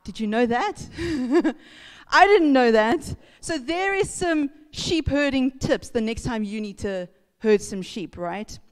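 A woman's voice: on the high side, animated, takes it slowly, smooth. Chatty woman pastor in a hall. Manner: chatty, laughing, acts out sounds and voices. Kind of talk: casual sermon storytelling. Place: church hall. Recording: reverberant church hall.

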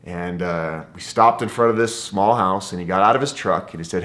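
A man's voice: low-pitched, fairly quick, hardly any pauses, a bit bright. A man and travel vlogger telling a story to camera in an enthusiastic, conversational way.

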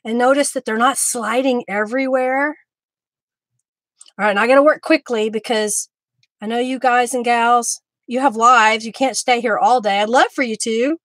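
A woman hosting a live craft stream, chatting warmly with viewers by name as she works. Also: on the high side, steady tone, moderate pace, no room sound. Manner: friendly, talks to viewers by name while working.

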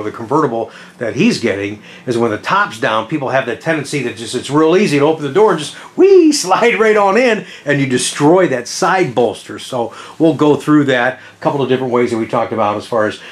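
A man hosting a car vlog at a dealership, chatting in an enthusiastic, casual way with quick asides. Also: medium pitch. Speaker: Corvette salesman and channel host.

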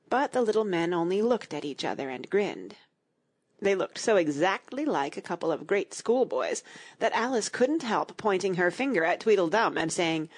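A woman reading a children's audiobook aloud in an expressive, storytelling manner. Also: lowish voice, normal speed, breathy edge. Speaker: audiobook narrator.

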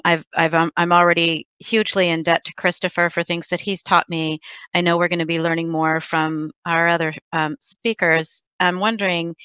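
A woman with a bright, clear voice talks thoughtfully on a video call, pausing on fillers as she works through her ideas. The sound is close and dry. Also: fairly low pitch, no room sound, highs cut off. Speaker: panelist. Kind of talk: conversational panel discussion.

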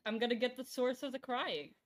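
A woman's voice: fairly high pitch, a little fast. A woman streamer in casual voice chat during a game roleplay, joking and laughing as she talks. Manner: playful, laughing, joking threats. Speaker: streamer playing a roleplay court scene.

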